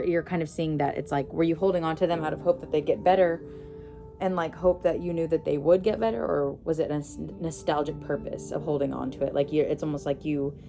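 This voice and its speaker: A woman giving a casual tarot reading, rambling and correcting herself as she goes, with an occasional giggle. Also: low voice. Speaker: psychic tarot reader. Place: indoors at home. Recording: instrumental music playing behind.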